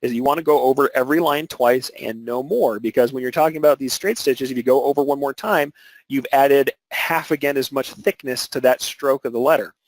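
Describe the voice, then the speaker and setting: A man's voice: mid-range voice, fairly quick, dry recording, low-quality recording. A man teaching an embroidery webinar, explaining technique step by step with filler words and restarts. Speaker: embroidery instructor.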